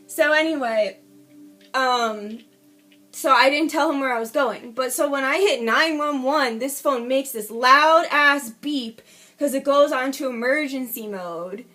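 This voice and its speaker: A woman's voice: high-pitched, a little slow, pushed and bright, soft background music. A woman telling a personal story in a casual vlog, candid and emotional, swearing freely as she gives a play-by-play. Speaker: vlogger.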